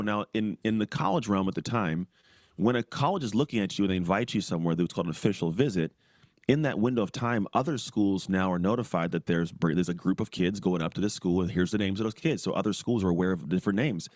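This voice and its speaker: A man in his forties tells his story quickly in a low voice, jumping into other people's lines as he acts them out. He laughs easily and keeps the story moving. The sound is dry and close, with no room around it. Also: no echo. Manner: animated, acts out quoted voices, laughs often. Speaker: podcast guest, former pro football player. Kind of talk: storytelling in casual interview.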